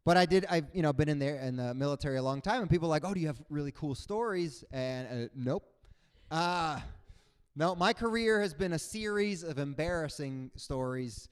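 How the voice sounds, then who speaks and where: A young adult man performing a stand-up comedy set, animated, jumping into loud high voices for the people in his stories. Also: normal speed, smooth. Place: comedy stage before a live audience.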